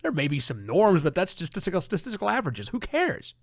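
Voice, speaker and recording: A man hosts his own podcast, speaking in a lively, emphatic way. His voice sits slightly high and swings widely in pitch. He is recorded close on a dry mic. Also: very fast, no echo. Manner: animated, conversational, emphatic. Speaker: podcast host. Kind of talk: solo podcast commentary.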